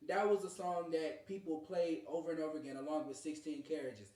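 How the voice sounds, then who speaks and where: Animated podcast host, medium pitch, emphatic, echoey room. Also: brisk. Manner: animated, emphatic, argues a point. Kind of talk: casual chat. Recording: roomy echo.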